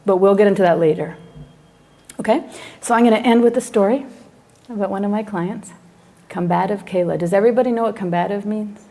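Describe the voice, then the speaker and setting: Woman psychologist, class lecturer, lively storyteller who acts out scenes. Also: medium pitch, fairly quick, pauses often. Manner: animated storyteller acting out her own reactions.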